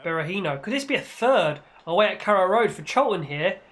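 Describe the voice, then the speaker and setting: He's a gaming channel host calling his own football gameplay with playful excitement, launching into mock-commentator shouts when the action peaks. The voice is high and fairly quick.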